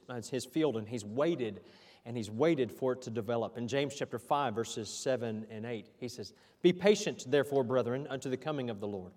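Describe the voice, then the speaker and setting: A pastor preaching a sermon, with an emphatic style that asks the congregation to respond. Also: male voice, medium pitch, darkish tone, long reverb tail.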